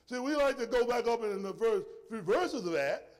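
A male preacher giving an emphatic sermon, swinging between shouted points and soft, low asides. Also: lively intonation, moderate pace. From rural area. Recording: long hall reverb.

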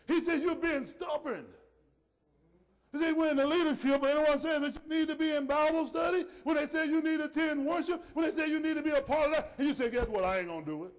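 High-voiced preacher man in a reverberant hall. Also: fairly even intonation, a little fast. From rural area. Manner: emphatic preaching, swings between shouting and soft low asides. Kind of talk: sermon.

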